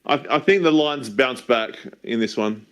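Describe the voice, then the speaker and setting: A man's voice: mid-range voice, normal speed, fairly bright tone. A man as co-host of a casual talk stream, hesitant and stumbling over his words.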